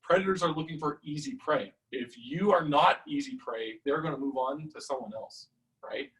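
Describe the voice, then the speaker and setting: A man teaching a live-streamed martial arts class, talking in a chatty, animated storytelling way with lots of fillers. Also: a little high, moderate pace, far from the mic, rough recording.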